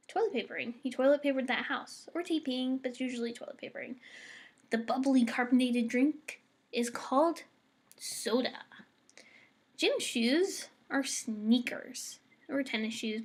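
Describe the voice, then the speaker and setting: A young woman from the United States in a casual, bubbly vlog, reading words for an accent challenge. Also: high voice. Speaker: vlogger.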